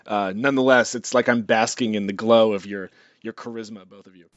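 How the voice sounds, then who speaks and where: A man's voice: on the low side, steady tone, fairly quick, no room sound, dull audio. A man who is a guest on a casual comedic podcast, dry and self-deprecating, calling in from outside the studio. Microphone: remote, not in the studio.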